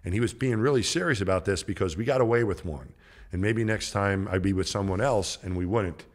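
Man around 60, podcast guest; very low voice; loose, rambling anecdote delivery that acts out quotes. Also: brisk. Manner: rambling, conversational storytelling with many restarts. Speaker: podcast guest, former astronaut. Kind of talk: casual anecdote telling.

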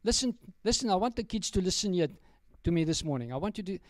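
A man's voice: sits high, lively intonation, quick pace, no echo. A man, preaching a sermon as pastor and telling a story in a direct, storytelling way, often turning to address the children.

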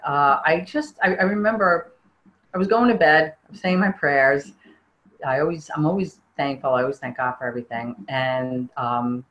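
Earnest woman with a low voice. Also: lo-fi sound. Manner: earnest, halting, with frequent restarts. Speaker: interviewee. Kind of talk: personal testimony interview.

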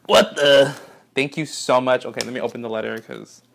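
A young man unboxing fan mail in an excited, gushing vlog, swearing often and gasping as he reads letters aloud. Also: mid-range voice, brisk, creaky. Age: young adult. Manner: gushing, swears a lot, gasps and squeals.

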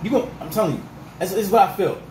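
A man ranting as a sports fan vlogger, fired up and repetitive, his voice going rough. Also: sits high, expressive, quick pace, darkish tone, reverberant, slight background noise, rough recording. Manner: fired-up, repetitive, peppered with 'freaking' and 'dog'.

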